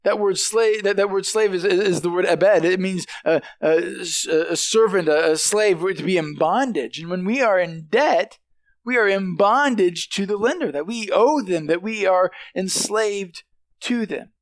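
A male pastor with a high-pitched voice, preaching in a loose, conversational way full of restarts. He often checks in with the congregation with quick questions. The sound is close and dry. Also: dry recording. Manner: halting, with many restarts and "right?" asides to the congregation. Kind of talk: sermon.

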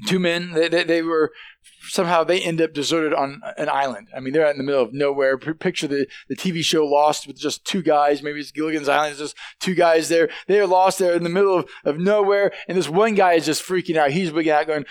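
A male pastor with a high-pitched voice, preaching in a loose, conversational way full of restarts. He often checks in with the congregation with quick questions. The sound is close and dry. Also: fairly even intonation, clear, resonant tone, no room sound. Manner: halting, with many restarts and "right?" asides to the congregation. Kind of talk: sermon.

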